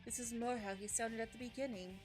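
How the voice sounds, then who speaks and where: A woman's voice: a little high, fairly even intonation, a little fast, over music. A woman streamer reading a game's story text aloud, stumbling and correcting herself, with asides. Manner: reads story text with frequent slips and self-corrections. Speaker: let's play streamer.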